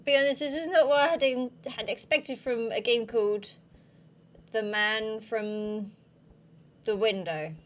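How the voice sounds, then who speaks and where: Casting note: a chatty woman on let's-play commentary, voice a bit higher than average. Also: unhurried. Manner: chatty, reacts aloud and reads game text. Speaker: gaming video host.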